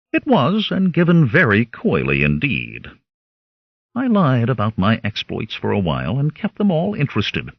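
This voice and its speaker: A man narrating an audiobook in first person with a wry, animated delivery. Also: mid-range voice, normal speed, gravelly, slightly rough, no room sound, muffled recording.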